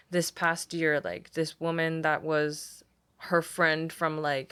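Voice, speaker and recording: This smooth, fairly low female voice belongs to a young Puerto Rican language arts teacher appearing as a guest in a relaxed interview. Her speech is chatty and heavy with filler words, especially "like," and she brightens up when relaying others' words.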